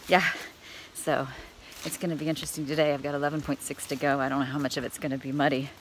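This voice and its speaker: A woman talking casually through a trail vlog, chatty and quick to laugh, recorded outdoors on a handheld camera. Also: low-pitched, level tone, a little hiss or hum. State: out of breath on climbs. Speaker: hiker vlogger.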